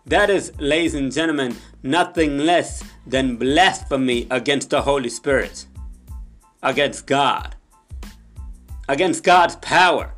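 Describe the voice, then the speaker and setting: A young man preaching an impassioned sermon, repeating phrases and calling out to the audience, sometimes dropping into soft low prayer. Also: slow, faint music behind. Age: young adult.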